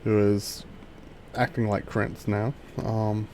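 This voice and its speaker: A man narrating a tabletop game as game master, halting and full of fillers and restarts. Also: on the low side, flat delivery, darkish tone, a little hiss or hum.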